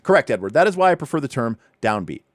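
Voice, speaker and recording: A man hosting a livestream, casually walking through a rulebook, with animated, chatty asides and points repeated for emphasis. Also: medium pitch, fast, no room sound, clean studio sound. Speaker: livestream host.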